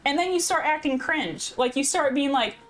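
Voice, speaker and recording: A woman's voice: high voice, animated, moderate pace, fairly bright tone, soft background music, rough recording. Woman streamer in a mock British accent. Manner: chatty, giggly, talks to chat. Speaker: game streamer. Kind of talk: casual live-stream gameplay chat.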